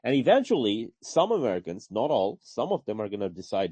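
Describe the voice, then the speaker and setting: A man's voice: lowish voice, very animated, fairly quick, few pauses, mellow, breathy edge, no room sound. A man hosting a casual political chat, ranting heatedly with plenty of swearing and "bro". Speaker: podcast host.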